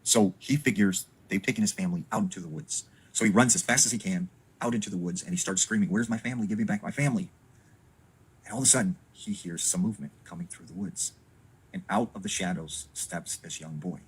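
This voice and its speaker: A man's voice: low voice, quick pace, slightly rough, rough recording. A man casually retelling a creepy backwoods story, full of fillers and acted-out dialogue.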